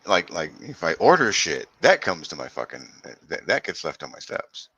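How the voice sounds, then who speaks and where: A man's voice: deep voice, sing-song, moderate pace, sharp tone, husky, no room sound, muffled recording. A man joining a livestream chat over a video call, wry and casually profane. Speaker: livestream guest.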